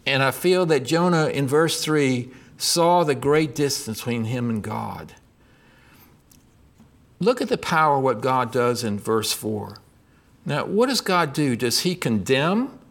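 Unhurried and mid-range, this middle-aged male pastor delivers an expressive sermon. He gives voice to scripture and to God's words while asking his listeners questions.

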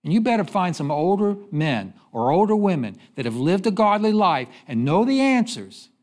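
A man preaching a sermon, telling stories and asking the congregation questions, then dropping low to give the answers. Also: very animated, normal speed, a little mellow. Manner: preaching with call-and-response questions and sudden drops to a low voice. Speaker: pastor.

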